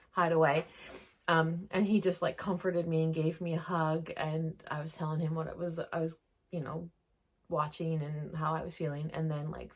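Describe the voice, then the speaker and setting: Woman, 40s, family vlogger; soft, emotional, chatty delivery with constant "like" fillers. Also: fairly low pitch. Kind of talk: casual personal talk to camera.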